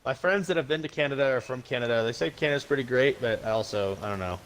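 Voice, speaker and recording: A man's voice: mid-range voice, fast talker, rough recording. A man co-hosting a podcast, talking in a rambling, opinionated casual way. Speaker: podcast co-host. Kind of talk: casual chat.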